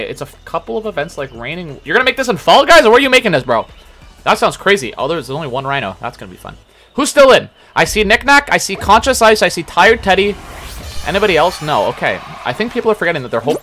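Young male streamer, quick and animated, joking and yelling at gameplay. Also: fairly high pitch. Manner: joking, chatty, reads chat aloud, yells at the game. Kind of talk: live gaming stream commentary.

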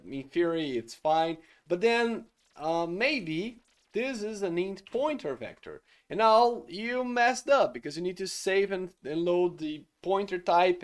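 A man, a solo game engine developer, ranting in exasperation about his code, swearing and bursting out loudly. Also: fairly high pitch. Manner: exasperated and swearing, loud outbursts. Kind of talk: frustrated coding rant.

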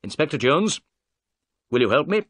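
A man reading a confident, commanding detective, brisk and assured in a storybook reading. The pitch moves in a lively way while staying close to the reader's own register. The sound is close and dry, with no room around it. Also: dry recording.

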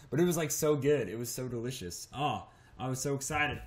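A man co-hosting a casual podcast, talking in an excitable, gushing way and laughing often. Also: medium pitch, a little fast. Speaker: podcast co-host.

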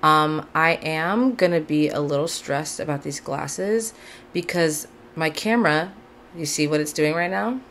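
A young woman from Southern California chats straight to camera on her podcast. Her voice sits low. She gushes freely and fills her talk with "like". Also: measured pace, a bit bright, slight background noise. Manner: chatty, gushing, lots of "like". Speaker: podcast host. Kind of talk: casual chat to camera. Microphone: camera mic, video-call style.

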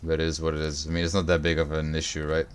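A young man livestreaming a video game, chatting with viewers, swearing and reacting loudly to the game. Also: rumbling low, completely flat delivery, very fast, clean tone. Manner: profane, reacts loudly to the game, answers chat. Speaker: streamer. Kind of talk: casual gaming livestream chat.

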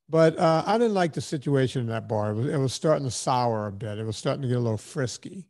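A man's voice: medium pitch, animated, fast, hardly any pauses, a little mellow. A man in his fifties hosting a podcast, telling stories in a rambling, casual way and acting out the voices of people he quotes. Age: 50s. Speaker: podcast host. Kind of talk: casual storytelling chat.

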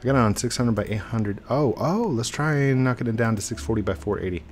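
A young man giving chatty, excitable live commentary while he plays a game, breaking into baby talk with his in-game dog. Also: mid-range voice, fairly quick, a little hiss or hum. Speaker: gaming streamer. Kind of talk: casual live gameplay commentary. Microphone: desk mic with webcam.

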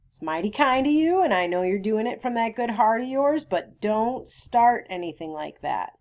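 A woman's voice: fairly high pitch, lively intonation, moderate pace, darkish tone, pitched above the performer's own voice. A woman reading as an earnest lawyer father. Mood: firm. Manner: earnest, firm and courteous. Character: calm principled small-town lawyer father, middle-aged man.

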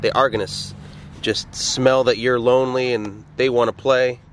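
A man's voice: medium pitch, little pitch movement, normal speed, slight background noise. A man vlogging at an outdoor dog park, teasing his dog in casual, playful talk. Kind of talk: casual vlog narration.

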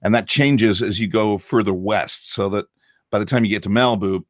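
A middle-aged British man with a lowish voice talks animatedly in a podcast interview, now and then dropping into playful put-on accents. The sound is close and dry, with almost no room around him. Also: brisk, no room sound. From England. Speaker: guest actor.

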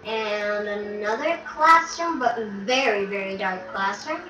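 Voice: mid-range voice, expressive, a little slow. A young game vlogger giving a chatty, curious tour of a built world, musing aloud with ums and hmms. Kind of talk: casual gameplay tour commentary. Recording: roomy, distant, dull lo-fi mic with faint music.

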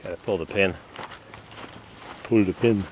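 A man's voice: deep voice, measured pace. A man filming himself outdoors as he loads his car onto a trailer, joking, teasing and giving instructions. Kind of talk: casual joking chatter. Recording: noisy outdoor camcorder audio.

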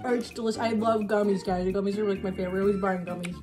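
A woman's voice: medium pitch, steady tone, racing, over music. A woman hosting a casual taste-test show, chatty and giggly as she talks. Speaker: show host.

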